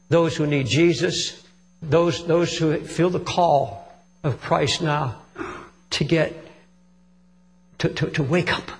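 A man's voice: fairly high pitch, gravelly. A man preaching an altar call and praying fervently in a church, earnest and urging. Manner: earnest, fervent, rising to loud praise. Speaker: pastor. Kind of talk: sermon altar call and prayer. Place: church sanctuary. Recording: long reverb of a church hall.

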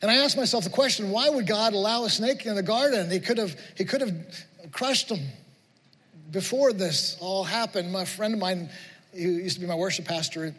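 A man's voice: high-pitched, normal speed, fairly bright tone, big-room sound, rough recording. A middle-aged man preaching a sermon as pastor, earnest and repetitive, building to emphatic questions. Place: church sanctuary.

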